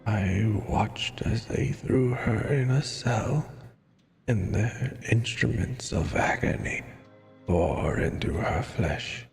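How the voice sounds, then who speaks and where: A man's voice: creaky, soft background music. A man doing a tired, withered ghost. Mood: weary. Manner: slow, heavy storybook reading with low sinking tones. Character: weary withered ghost, echo of a dead sailor. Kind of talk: reading game dialogue aloud.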